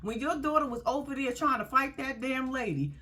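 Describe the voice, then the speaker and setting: This reality TV recap host speaks in a high, bright, pushed voice at a brisk clip. She's blunt, casual and profane in her commentary on the show, laughing frequently as she recounts what happened.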